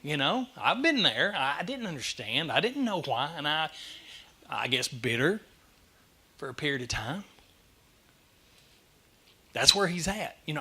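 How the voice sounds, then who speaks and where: A middle-aged man gives a church message, telling the story in an animated, self-deprecating way. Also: on the high side, a little slow, long pauses, slightly rough. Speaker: lay speaker giving a church message. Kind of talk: sermon. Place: church sanctuary.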